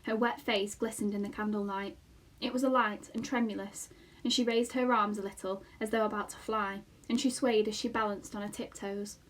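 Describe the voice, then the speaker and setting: A woman teacher reading a children's novel aloud in a slow, expressive storytelling manner. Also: mid-range voice, rough recording.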